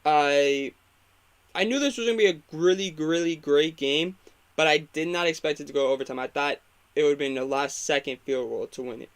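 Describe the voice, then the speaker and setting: A man's voice: a little high, a little fast, clear, resonant tone. A young man hosting a casual live football reaction, opinionated and rambling, getting fired up when he critiques the coaching. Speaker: sports talk host.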